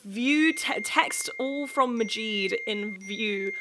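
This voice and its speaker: A woman's voice: a little high, takes it slowly, noisy background. A young woman casually recapping a TV series, sarcastic and laughing often. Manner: chatty, sarcastic, laughs often, acts out quotes. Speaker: YouTube host recapping a TV series. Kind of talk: casual chat.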